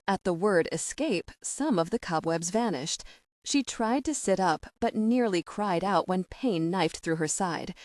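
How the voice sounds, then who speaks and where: Low-voiced woman narrating a romance audiobook. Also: animated, a little mellow, no room sound, clean studio sound. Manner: measured, dramatic storytelling. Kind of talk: scripted narration.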